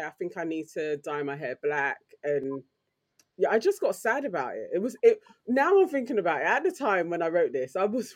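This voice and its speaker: A woman with a London accent, co-hosting a podcast and telling stories in a lively, slangy way. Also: mid-range voice, slightly rough. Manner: animated, slangy storytelling. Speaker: podcast co-host. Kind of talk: casual chat.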